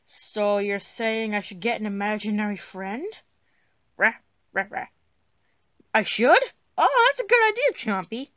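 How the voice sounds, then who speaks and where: A woman voicing a whiny, excitable young male dinosaur in a plush puppet comedy. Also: medium pitch, measured pace, long pauses, no room sound, clean studio sound. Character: whiny young male dinosaur who wants an imaginary friend.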